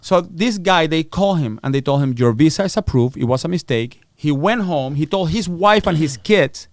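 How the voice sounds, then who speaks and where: Animated man telling a crime story. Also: fairly high pitch, normal speed, no echo, studio quality. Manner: animated storyteller acting out quoted voices. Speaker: podcast guest. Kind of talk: storytelling interview.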